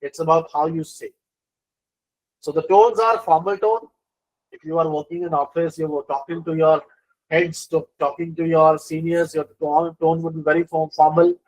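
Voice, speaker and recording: A middle-aged male instructor gives a live online lecture on business communication, with a voice a little higher than usual. He talks in an animated way, circles back over his points, and fills pauses with frequent fillers. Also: rough recording. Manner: animated lecturing, with many fillers and repeated phrases.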